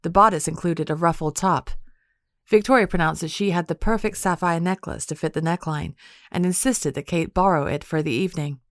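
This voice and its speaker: A woman reading an audiobook in even, measured narration. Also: lowish voice, no room sound, clean studio sound.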